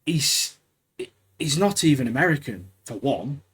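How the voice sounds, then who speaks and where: A man chats with his podcast co-host at an ordinary middle pitch. He keeps things loose and friendly and drops "mate" into his sentences. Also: big pitch swings, measured pace, crowd noise. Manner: chatty, says "mate" a lot. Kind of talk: casual chat.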